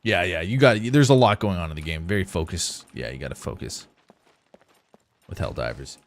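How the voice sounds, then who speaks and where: A man's voice: sits low, animated, normal speed. Laid-back male game streamer. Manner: casual, rambling, talks to chat while playing. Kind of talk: live gameplay commentary.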